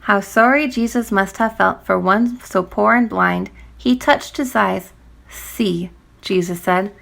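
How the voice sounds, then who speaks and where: A woman reading a rhyming children's story aloud in a rhythmic, expressive way. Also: medium pitch, measured pace, creaky.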